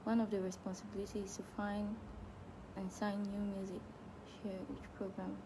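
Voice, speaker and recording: A woman's voice: medium pitch, level tone, moderate pace, background noise. Chatty Cameroonian woman answering fans. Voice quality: chatty, laughs easily, frequent restarts. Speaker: musician answering fan questions. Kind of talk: casual live Q&A chat.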